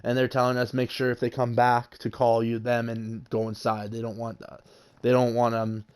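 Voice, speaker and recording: A man's voice: medium pitch, monotone, normal speed, clean tone. A young man casually telling a story about a confrontation, swearing freely and raising his voice when he quotes people. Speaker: vlogger.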